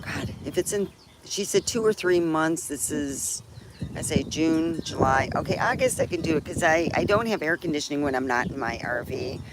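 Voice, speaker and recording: A middle-aged woman with a low, expressive voice speaks at normal speed in a cheerful, casual live-stream chat, rambling with restarts and frequent laughter. The noisy phone stream comes from outdoors under a backyard tree, with birds and chickens around.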